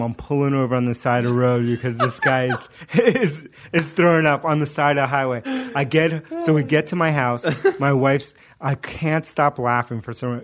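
A middle-aged man with a mid-range voice tells a story in casual conversation. He's animated and laughs often, and his speech is full of fillers and restarts.

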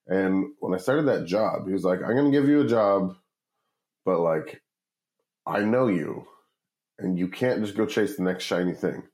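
A man with a fairly low voice tells a long, rambling story in a casual interview, full of swearing. He acts out the people he quotes with lively jumps in his delivery. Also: unhurried, poor audio. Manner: profane, rambling, animated quoting of others. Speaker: guest, startup founder.

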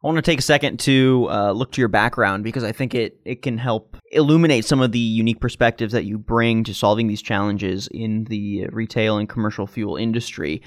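A man's voice: on the low side, brisk, hardly any pauses, no echo, studio quality. A man hosting an interview, asking long, wordy questions full of fillers. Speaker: interviewer, host.

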